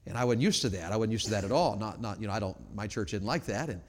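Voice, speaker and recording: A middle-aged man preaching a revival sermon, telling folksy stories that move from quiet talk to loud shouting. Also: lowish voice, expressive, fast talker. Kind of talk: sermon with storytelling. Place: large church auditorium. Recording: long hall reverb.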